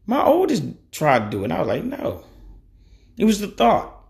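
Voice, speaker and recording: Blunt thirtysomething guy ranting his opinions, gravelly voice that bounces all over in pitch. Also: wildly swooping pitch, quick pace, a little mellow. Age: 30s. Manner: blunt, cussing, conversational; frequent "you know" fillers. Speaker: podcast host. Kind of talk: opinion monologue.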